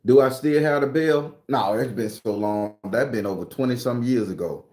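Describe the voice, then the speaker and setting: In an echoey room, a man in his 40s from southern Florida hosts a livestream at normal speed with a mid-range voice. His storytelling is casual and profane, with loud greetings to viewers and plenty of profane slang.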